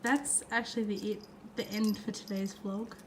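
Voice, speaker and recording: A woman's voice: medium pitch, level tone, moderate pace, a little hiss or hum. A woman vlogging in a chatty, casual way, cooing at her pets. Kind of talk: casual vlog chat. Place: outdoors in front of an ice cream shop, then at home.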